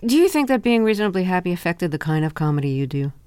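A woman interviewer with a lowish, smooth and clear voice asks measured questions. The sound is dry and close to the mic. Now and then she slips in a dry joke. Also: sing-song, a little mellow, dry recording.

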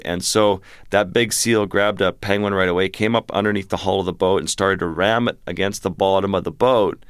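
A man's voice: low voice, a little fast, few pauses, smooth, dry recording, studio quality. A man, a wildlife photographer, telling a vivid adventure story as a guest in an interview. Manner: vivid, animated storytelling with restarts.

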